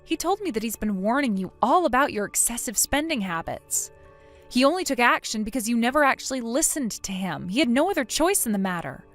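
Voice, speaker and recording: A woman's voice: on the high side, a bit bright. A woman voicing a stern, cold young woman who scolds and refuses to forgive in a scripted drama.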